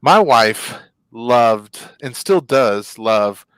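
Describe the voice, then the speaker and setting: Co-host, male, lively storyteller who laughs often; dry and close. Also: mid-range voice, very slow, clean tone, dry recording. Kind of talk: casual chat.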